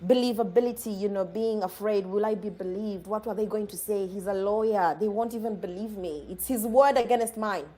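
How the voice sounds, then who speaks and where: A woman from Uganda earnestly telling a personal story in a conversation, halting and restarting often. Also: medium pitch, dark tone.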